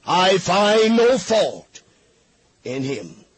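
A man preaching a fiery radio sermon, pleading and rising to shouts. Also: sits high, very animated, drawn-out words, breathy edge, no echo.

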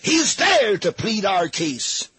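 A man preaching a fiery radio sermon, pleading and rising to shouts. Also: sits high, very animated, slow, breathy edge, dry recording.

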